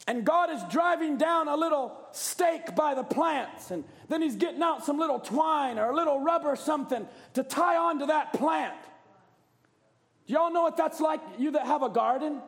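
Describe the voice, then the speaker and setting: A man preaching a fervent, often shouted sermon with a gravelly voice. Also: very high-pitched.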